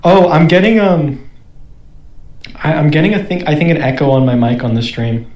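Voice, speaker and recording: A woman's voice: low-pitched, animated, moderate pace, a little mellow, dull audio. A woman narrating as game master on a stream, chatty and playful, with frequent "like".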